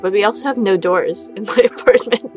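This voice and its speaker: A woman's voice: medium pitch, fairly quick, music in the background. A woman guest on a podcast, chatting casually over a remote call and giggling often. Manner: giggly, relaxed.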